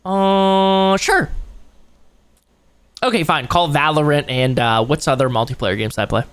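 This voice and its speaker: Young man, live streamer, rambling casual banter with lots of swearing and a very lively pitch. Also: fairly quick. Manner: rambling, profane, jokey, jumps into mocking voices. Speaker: streamer reacting to a video.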